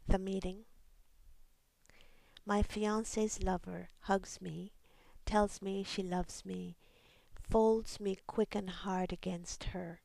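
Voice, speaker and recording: Slow, gravelly-voiced woman reading poetry. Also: mid-range voice, steady tone, no echo. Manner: soft, measured, often half-whispered. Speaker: poet.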